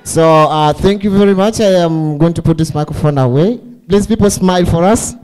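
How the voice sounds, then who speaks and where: A man's voice: on the high side, normal speed, a little mellow, smooth. Playful Tanzanian man teasing a crowd. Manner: playful, teasing, mixes in Swahili words. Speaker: master of ceremonies. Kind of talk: joking remarks to an audience.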